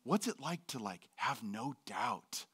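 A man's voice: mid-range voice, animated, slow, a bit bright, slightly rough. A middle-aged male pastor preaching a sermon in a church, candid and joking, acting out voices in his quotes.

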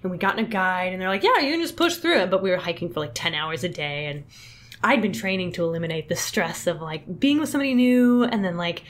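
A woman comedian, a podcast guest, telling a rambling story in animated casual chat full of fillers. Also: on the low side, fast.

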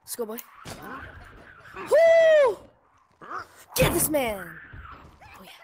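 A young woman commenting casually on her game while playing, excitable and pleading during fights. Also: fairly high pitch, normal speed, very noisy. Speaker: gamer. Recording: loud game sounds behind voice.

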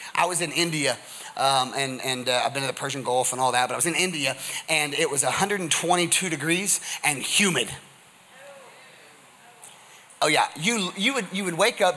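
A man preaching a humorous, energetic sermon as pastor, with call-and-response asides to the congregation. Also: on the high side. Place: church sanctuary.

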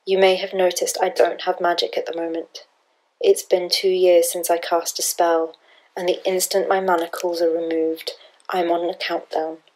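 A woman's voice: lowish voice, level tone, moderate pace, darkish tone, close to an everyday voice, low-quality recording. A woman reading an audiobook, voicing a desperate, cornered young woman healer who talks in a strained, defensive way.

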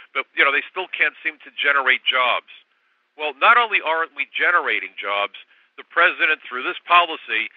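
A man's voice: on the high side, no room sound. An older man in his sixties argues his point with insistence and some sarcasm as a talk radio guest. His voice comes through a thin, tinny phone line. The sound is dry, with no room around it. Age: 60s. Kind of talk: political talk radio interview.

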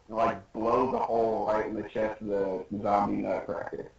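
A young man co-hosting a casual podcast, recapping a comic chapter and acting out the characters' lines in high voices. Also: level tone, moderate pace, few pauses. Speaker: podcast co-host. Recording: distant, roomy, dull lo-fi sound.

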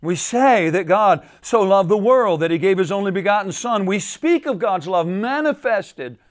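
A male pastor preaching a sermon at a men's retreat, repeating phrases and swinging between soft and loud for emphasis. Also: lively intonation, moderate pace. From United States. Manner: repeats phrases, rises and falls in pitch and volume for emphasis.

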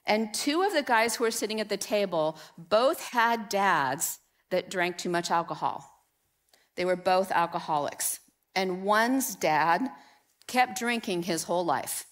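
A woman pastor preaches in a church, conversational and animated. She tells personal stories, invites people up to help, and talks straight to the congregation. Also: medium pitch, unhurried. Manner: conversational, animated storytelling with audience participation. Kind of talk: sermon. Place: church sanctuary.

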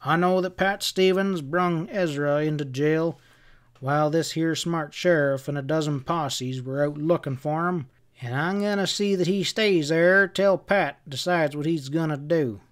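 A steely frontier gunman played by a man speaks slowly and coldly, a little higher than a plain voice. Every word is drawn out and even, like a threat. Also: clear, resonant tone, lightly acted. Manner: slow, cold, drawn-out. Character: cold, steely male gunman holding a room.

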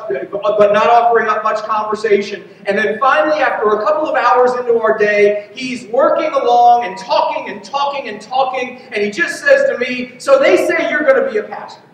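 A man's voice: extremely high pitch, normal speed, a bit bright. A man preaching a sermon as a pastor, telling a personal story in an earnest way. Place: church sanctuary. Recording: echoey hall from far off.

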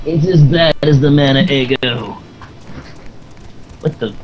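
A man's voice: medium pitch, slow pace, pauses often, music in the background, poor audio. A young man hosting a let's play, rambling in casual gaming commentary and giggling often. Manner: rambling, giggly, lots of fillers.

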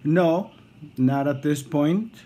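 A man with a strong non-native English accent, insistently filing an insurance claim over the phone in a formal, halting way. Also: a little high, background noise. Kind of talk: recorded phone call.

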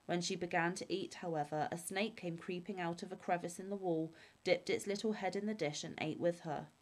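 A woman reading fairy tales aloud in a calm, measured storytelling voice. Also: lowish voice. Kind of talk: fairy-tale read-aloud.

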